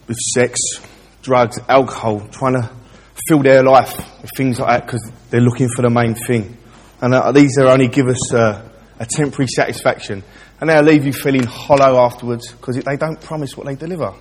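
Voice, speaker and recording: A man's voice: medium pitch, steady tone, moderate pace, darkish tone, slightly rough, in a large hall. A man preaching a chatty, direct sermon in a church and speaking straight to the listeners. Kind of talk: informal sermon with a joke.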